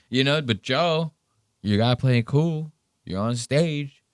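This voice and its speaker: A man hosts a podcast and reacts to comedy clips in a loose, profane, mocking way. His voice is smooth and resonant. He sits close to a dry mic with no room sound. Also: medium pitch, unhurried, dry recording. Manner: profane, sarcastic, animated storytelling. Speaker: podcast host. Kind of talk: casual commentary on clips.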